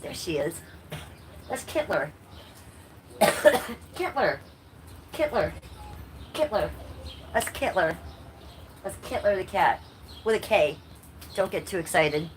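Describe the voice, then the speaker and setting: Reading chat aloud on her casual livestream, a woman in her fifties curses out rude viewers and coos in sing-song baby talk to her cat. She sounds animated, with a fairly low pitch, speaking a little slowly and pausing often. The background is noisy.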